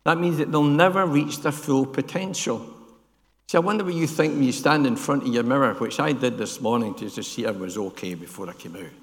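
A man's voice: medium pitch, fairly quick, big-room sound. An older man preaching a sermon in a church, often asking the congregation questions and tagging lines with "yeah?". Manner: asks the congregation questions, adds "yeah?" tags.

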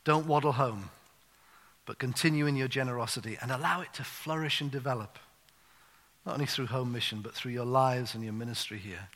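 A man's voice: medium pitch, fairly quick, a bit bright. A man preaching a sermon in a conversational, storytelling way, full of "you know" asides, on a wireless mic in a church. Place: church hall. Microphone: wireless handheld or clip mic. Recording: long hall reverb.

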